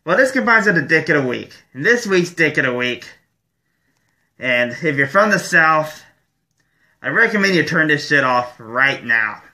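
Man, from Michigan, vlog host, profane rant, forceful tense voice, slightly high. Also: sing-song, moderate pace. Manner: profane, angry ranting. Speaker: show host. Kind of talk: ranting vlog monologue.

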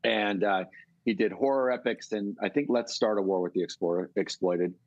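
A middle-aged man from California, telling a long, animated story as a guest in a casual interview. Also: on the low side, normal speed, dry recording, muffled recording. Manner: rambling, animated storytelling with swearing. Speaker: guest musician.

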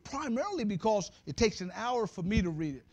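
High-voiced, animated male preacher. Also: fairly quick. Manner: animated, humorous preaching with shouted peaks; conversational, addresses the congregation directly. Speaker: pastor. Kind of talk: sermon.

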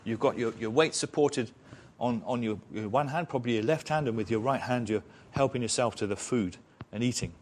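A man's voice: medium pitch, brisk, a little hiss or hum. A man preaching an expository sermon in church, retelling a story in a conversational way with rhetorical questions.

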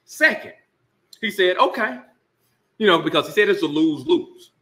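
A man's voice: a little high, brisk, bright, forceful tone. A man hosting a casual sports talk rant, emphatic and sarcastic with laughing asides. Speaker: sports commentary host.

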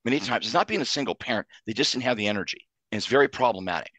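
A man's voice: medium pitch, expressive, rapid-fire, a bit bright, dry recording. A man, a psychologist and author, giving earnest interview answers and explaining ideas in numbered lists.

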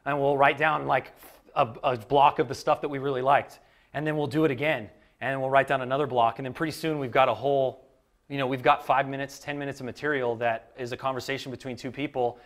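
A man on a panel, an improv performer and writer, explaining his writing process in a relaxed, filler-heavy way. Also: mid-range voice. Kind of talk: conversational panel talk.

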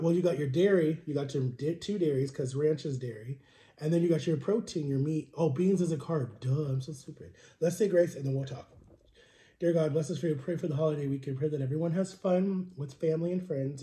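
Here a young adult man vlogs a casual mukbang, eating on camera and venting in a rambling, frustrated way because he's sick with a cold. His voice is fairly high and warm, in a roomy-sounding space.

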